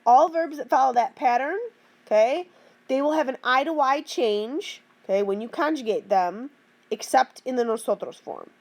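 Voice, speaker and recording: A woman's voice: sits high, moderate pace. A woman teaching a grammar lesson, explaining patiently and checking in with the class with frequent "okay?" and "right?". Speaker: Spanish teacher.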